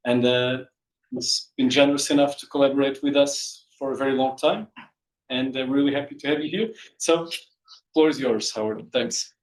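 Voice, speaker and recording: A man hosting a seminar, introducing the guest speaker in a welcoming, halting way. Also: medium pitch, echoey room, poor audio. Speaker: seminar host.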